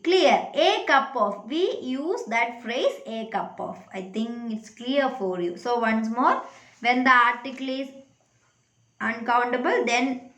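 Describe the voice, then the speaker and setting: A woman's voice: high-pitched, a bit bright, roomy sound. A woman teaching an English grammar lesson to children, asking questions and checking with the class.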